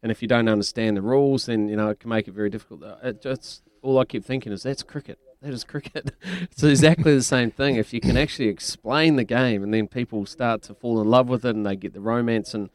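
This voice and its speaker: A man's voice: mid-range voice, fairly even intonation, fast talker, few pauses, no room sound. A man hosting a casual sports radio show, chatty and teasing, laughing often.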